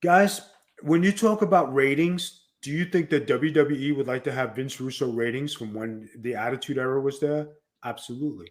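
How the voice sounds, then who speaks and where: A man's voice: medium pitch, normal speed. A man with a New York accent hosting a wrestling podcast, telling stories and acting out the people he quotes. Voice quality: animated storyteller who acts out quoted dialogue. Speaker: podcast host and former wrestler. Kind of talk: casual storytelling chat.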